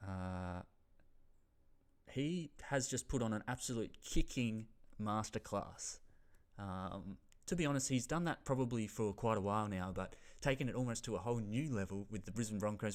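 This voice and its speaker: Speaking at normal speed in a fairly low-pitched voice, the young Aussie footy tipper rambles on about the game. He swears a lot and now and then loses track of what he was saying.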